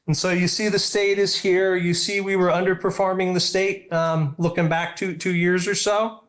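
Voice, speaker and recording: Fast-talking man presenting at a board meeting. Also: high-pitched, level tone, a bit bright. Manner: fast, conversational, many ums. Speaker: school superintendent presenting a report. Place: meeting room. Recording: echoey room audio from a distance.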